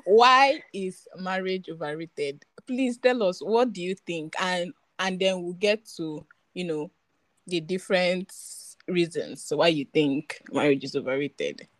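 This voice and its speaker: A young woman hosts a relaxed podcast, chatty and teasing with her guest. Her voice sits at an everyday pitch. The sound is dry and close. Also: unhurried, dry recording. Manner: playful, teasing, laughs often. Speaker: podcast host. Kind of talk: casual podcast chat.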